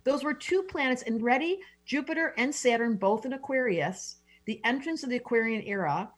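Speaking at a moderate pace in a fairly high, animated voice, a middle-aged astrologer gushes with emotion during an interview. She frequently breaks off and begins her sentences again.

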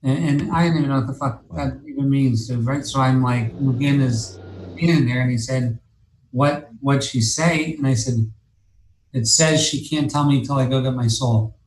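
A man spins a long personal tale as a guest, swearing freely and circling back with "uh" and "and, and" as he goes. His mid-pitched voice carries a roomy echo, as if the room around him is bare. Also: moderate pace, a little hiss or hum. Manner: rambling, profane, many fillers and restarts. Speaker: interview guest. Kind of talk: casual storytelling.

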